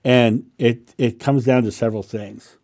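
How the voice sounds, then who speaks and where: A man who is a spiritual teacher, calmly answering a viewer's question in a casual monologue and repeating affirmations as he explains. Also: mid-range voice, unhurried.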